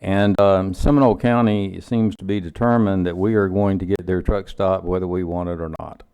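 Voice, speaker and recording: Man, Southern accent, council member, emphatic, lowish voice, mellow tone. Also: fairly even intonation, smooth, no room sound. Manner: emphatic, measured. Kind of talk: council meeting remarks.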